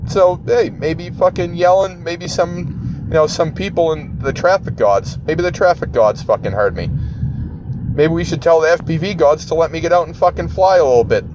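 A man's voice: fairly high pitch, moderate pace. A man ranting and swearing in a grumbling, profane way from his car in traffic. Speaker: ranting segment guest. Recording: muffled with loud car noise.

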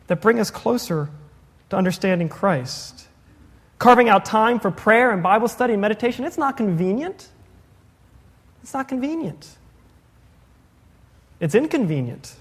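A man's voice: sits high, husky. A man preaching a sermon to a congregation, chatty, with rhetorical questions and joking asides. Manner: conversational, asks the congregation questions, quick jokey asides. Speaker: pastor. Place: church sanctuary. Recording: long hall reverb.

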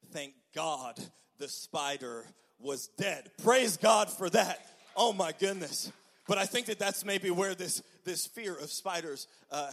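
Male pastor, young adult, storytelling sermon, slightly high voice, stammering restarts, "okay?" asides. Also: fairly bright tone.

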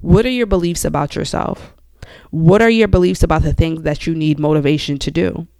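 A woman's voice: deep voice, brisk, creaky, darkish tone, no room sound, clean studio sound. A young woman hosting a motivational self-help podcast, talking straight to the listener in a conversational, coaching way. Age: young adult. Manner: conversational, coaching the listener directly with frequent "you know". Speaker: podcast host.

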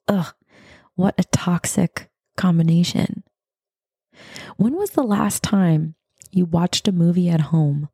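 A woman in her thirties, a podcast host reading her own reflective writing in an earnest, intimate way, slipping into breathy whispers. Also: fairly low pitch, no echo, studio quality. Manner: soft, earnest, intimate address to listeners, drifting into breathy whispers.

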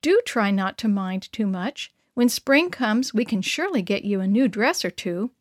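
A woman voicing a gentle mother of six, who speaks in a soft, reassuring way in a children's story. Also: mid-range voice, lively intonation, normal speed, no room sound, clean studio sound, lightly acted.

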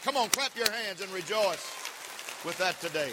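A man preaching a sermon as pastor, leading the congregation in call-and-response and rising to shouts. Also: high-pitched, expressive, normal speed, background noise. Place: church sanctuary. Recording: long reverb of a church hall.

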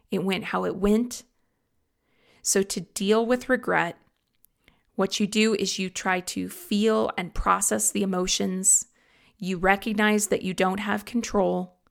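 Earnest woman with a creaky voice. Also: mid-range voice. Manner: earnest, personal, gently confiding. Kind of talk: reflective solo talk.

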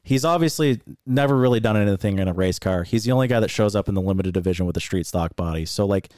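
A man's voice: fairly low pitch, fast talker, darkish tone, dry recording, studio quality. A man co-hosting a podcast, telling a story as an angry, profane rant. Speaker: podcast co-host.

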